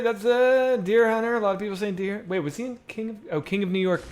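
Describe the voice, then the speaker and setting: Male streamer, a touch higher-pitched, loose profane banter with chat while he plays. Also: animated, brisk, few pauses, a little mellow. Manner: rambling, profane, chatty with viewers. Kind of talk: casual live-stream chat while gaming.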